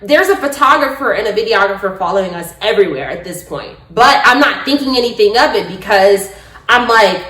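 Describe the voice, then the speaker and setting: A young adult woman vlogger telling a story with her partner, excitable and acting out quotes with squeals and laughter. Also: mid-range voice, fairly quick, roomy sound.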